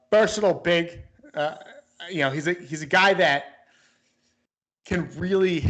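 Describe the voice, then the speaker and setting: A man's voice: fairly high pitch, a bit bright. Chatty American man talking basketball. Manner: rambling, many restarts and fillers. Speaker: sports podcast co-host. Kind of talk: casual sports chat.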